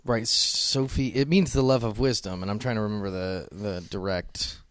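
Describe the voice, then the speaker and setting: A man talks loosely on his podcast, his voice sitting a little low and heard close and dry. He rambles, fills gaps with ums and swears offhandedly. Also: steady tone, normal speed, a bit bright, no room sound. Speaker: podcast co-host. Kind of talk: casual chat.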